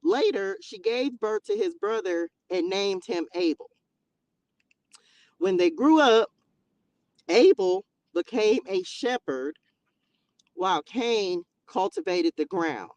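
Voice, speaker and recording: A woman hosting a livestream who reads scripture and adds animated, slangy, joking commentary. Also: mid-range voice, slow pace, long pauses, no echo. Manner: animated, laughing, slangy asides. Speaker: livestream host reading scripture. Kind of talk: bible reading with casual commentary. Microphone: livestream mic.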